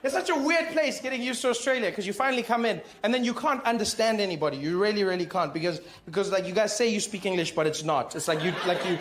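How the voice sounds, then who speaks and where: A man doing a stand-up comedy set, teasing his listeners with quick asides. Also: high voice, a bit bright. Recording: echoey room, noise.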